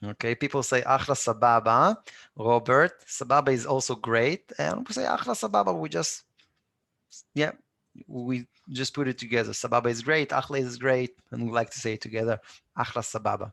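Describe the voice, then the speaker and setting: Israeli man, Hebrew teacher, gravelly voice, dry close sound, patient and repetitive. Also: medium pitch, fairly bright tone. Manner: patient, repeats words slowly for learners to echo. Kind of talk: live online language lesson.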